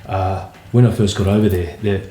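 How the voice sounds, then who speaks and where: A man, a guitarist telling anecdotes in a relaxed, casual way with plenty of fillers. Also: deep voice, normal speed. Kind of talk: casual interview storytelling. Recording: roomy echo, faint music.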